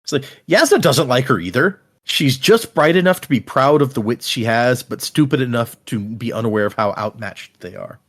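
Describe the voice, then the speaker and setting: Male podcast co-host, mid-pitched, very expressive delivery, chatty book recaps with lots of "like.". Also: normal speed, hardly any pauses. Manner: animated retelling, frequent "like" fillers. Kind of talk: casual book discussion chat.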